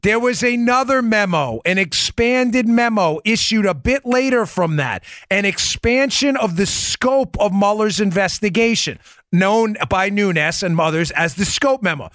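A man's voice: high voice, expressive, a little slow, fairly bright tone, dry recording, clean studio sound. A man hosting a political commentary podcast, speaking emphatically, firing off rhetorical questions and turning to his co-host by name.

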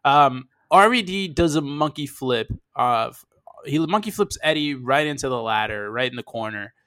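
A man's voice: medium pitch, animated, moderate pace, sharp tone, no room sound. A man co-hosting a podcast, casually recapping a match in a joking, laid-back way. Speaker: podcast co-host.

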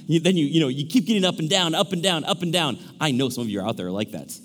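Male pastor, fairly high voice, lively delivery that acts out characters, big church reverb. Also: quick pace, breathy edge. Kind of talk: sermon. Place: large church hall. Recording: echoey church hall.

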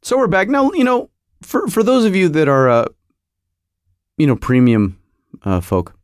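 Male podcast host, joking, halting delivery, lively high-ish voice, dry garage studio. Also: dry recording. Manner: joking, halting, lots of fillers and restarts. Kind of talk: casual rambling monologue.

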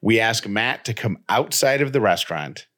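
Speaking at a normal pace in a lowish voice, this man co-hosts a podcast and casually spins a story. He brings it to life by performing the quoted dialogue along the way.

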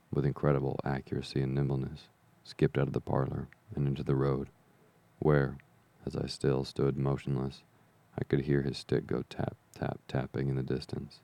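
A man reading an adventure novel aloud as an audiobook narrator, in measured, even storytelling. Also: a bass voice, vocal fry. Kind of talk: scripted narration.

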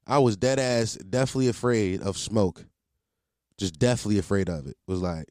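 A man's voice: on the low side, lively intonation, normal speed, darkish tone, dry recording. Young man rambling on a podcast, dry sound. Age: 20s. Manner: rambling, profane, laughing at himself, slangy. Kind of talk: casual solo podcast monologue.

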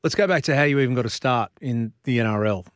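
A man hosts a sports podcast in a friendly, matey way. His voice sits at an everyday middle pitch, captured dry and close on the microphone. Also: no echo. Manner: chatty, matey, quick to laugh along. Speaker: podcast host. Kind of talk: casual interview chat.

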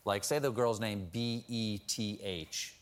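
A man's voice: lowish voice, fairly even intonation, slow. A man hosting a late-night talk show, asking questions in a playful, enthusiastic, teasing way. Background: studio audience.

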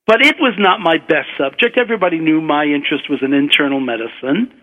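An older man from Brooklyn, a physician and author, telling a relaxed, wry anecdote. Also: on the high side, quick pace. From Brooklyn, USA. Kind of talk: anecdotal storytelling. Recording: dull radio broadcast, long reverb.

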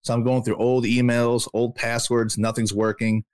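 A man in his early thirties co-hosting a talk radio show, telling a story in a quick, animated way that builds up steam. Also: mid-range voice, clear, resonant tone, no echo. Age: 30s. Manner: animated, quick storyteller who gets worked up.

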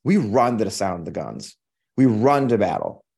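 A man's voice: on the low side, huge pitch swings, moderate pace, gravelly, a little mellow, slightly rough. A middle-aged American man hosting a podcast, delivering heated, profane political commentary with emphatic repetition. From United States. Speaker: podcast host.

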